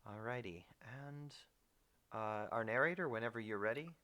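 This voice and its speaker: A man's voice: on the low side, normal speed, bright, forceful tone. A man hosting a live online reading, upbeat as he reads a summary and hands off to the narrator. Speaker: host.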